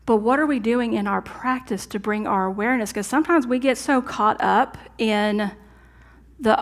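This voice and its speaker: A woman's voice: mid-range voice, steady tone, unhurried. Earnest woman preaching conversationally. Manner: conversational, earnest, drops to soft asides. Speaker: minister. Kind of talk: sermon. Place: church sanctuary.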